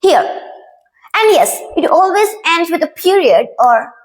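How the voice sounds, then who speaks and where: A woman's voice: extremely high pitch, sing-song, takes it slowly, low-quality recording. A young woman explaining an English grammar lesson as a teacher, patient and repeating key words.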